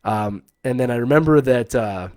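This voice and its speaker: A man's voice: medium pitch, moderate pace. A man in his thirties hosting a live stream, casually telling a personal story and acting out the voices of the people in it. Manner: animated, acts out quoted voices, laughs often.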